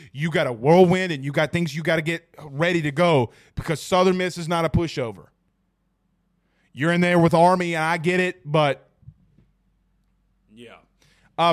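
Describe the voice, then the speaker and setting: A man hosting a sports podcast, talking casually and with animation, joking and addressing his listeners directly. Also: a little high. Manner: animated, jokey, talks straight to listeners.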